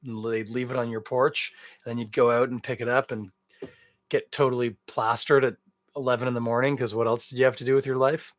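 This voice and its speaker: A man's voice: medium pitch, brisk, no echo. Rambling, jokey man hosting a podcast. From Canada. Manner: rambling, jokey and animated, with big swings in loudness. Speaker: beer podcast host. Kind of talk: casual solo podcast chat.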